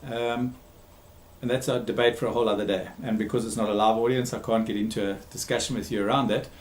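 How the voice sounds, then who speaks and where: A man's voice: medium pitch, fairly even intonation, quick pace. Emphatic male therapist in an echoey room. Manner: emphatic, repeats key words, frequent ums. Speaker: therapist giving a talk series. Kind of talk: recorded talk on conflict.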